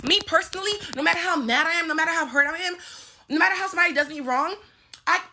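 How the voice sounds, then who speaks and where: A woman's voice: very high-pitched, fast, noisy background. A woman in her twenties telling a heated, profane story-time rant at home, stuttering as she talks. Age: 20s. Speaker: vlogger. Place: home bathroom, indoors.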